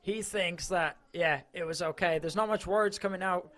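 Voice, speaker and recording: Chatty club reporter, fairly high voice. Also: male voice, normal speed, fairly bright tone. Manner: chatty, enthusiastic. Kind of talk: live match coverage.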